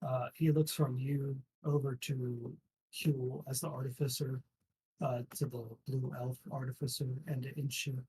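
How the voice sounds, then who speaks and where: A man narrating as game master in a relaxed way, with many fillers. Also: mid-range voice, a little slow, recorded from a distance, a little hiss or hum.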